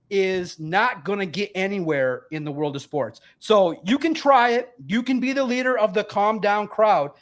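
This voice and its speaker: A man, a regular guest on a sports talk show, arguing loudly and emphatically with mocking repetition. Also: high-pitched. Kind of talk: heated sports debate.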